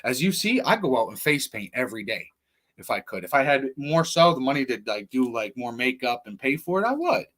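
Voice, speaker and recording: A man's voice: mid-range voice, very animated, brisk, a bit bright. A man hosting a livestream, telling personal stories in a rambling, blunt, profane casual monologue. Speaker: livestream host.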